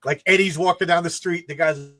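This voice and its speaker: A man's voice: a little high, fairly even intonation, a little fast, sharp tone. A man, a comic creator who also works construction, telling a rambling story in casual chat, stumbling and restarting his sentences. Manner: rambling, frequent stammered restarts.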